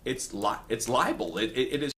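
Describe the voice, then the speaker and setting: An aggrieved man talks straight to his online audience, repeating his points over and over. His voice sits at a middle pitch, and faint noise hums under it. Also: normal speed, pushed and bright. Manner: indignant, repetitive, addresses viewers as guys. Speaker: earthquake forecast video host. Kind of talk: heated personal rant to viewers.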